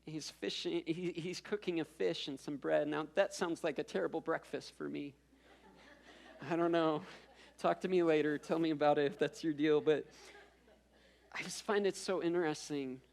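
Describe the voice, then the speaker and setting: A man's voice: fairly high pitch, steady tone, moderate pace, creaky, darkish tone. A man preaching a sermon as pastor, telling a story in a conversational way with self-deprecating asides and repeated words as he builds up.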